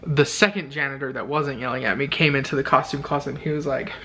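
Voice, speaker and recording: A young man tells a story from his bed at night, chatty and quick to laugh. He quotes other people in raised voices. The camera is handheld, with a faint hiss behind him. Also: medium pitch, fairly even intonation, sharp tone. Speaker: vlogger, teacher. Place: bedroom at night. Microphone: handheld camera held overhead.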